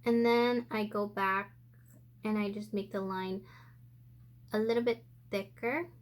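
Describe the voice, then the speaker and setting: A woman's voice: mid-range voice, fairly even intonation, a little slow. A woman giving a casual makeup tutorial, chatting and thinking aloud as she works, a little out of breath. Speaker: beauty vlogger. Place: indoor room with sunlight coming in.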